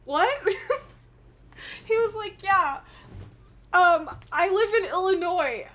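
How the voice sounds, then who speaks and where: A woman's voice: very high voice, animated, takes it slowly, fairly bright tone. Giggly young woman rambling through a story. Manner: giggly, rambling, laughs often. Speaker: vlogger. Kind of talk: casual storytelling vlog.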